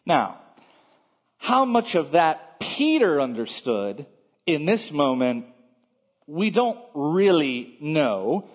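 A man preaching a sermon in a measured way, stressing key words and letting phrase ends fall quiet. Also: a little high, very animated, slightly rough. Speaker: pastor. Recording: long reverb of a large hall.

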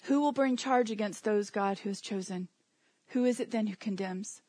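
A woman's voice: mid-range voice, normal speed, mellow, dry recording. A woman preaching a sermon in a conversational way, with humor and asides.

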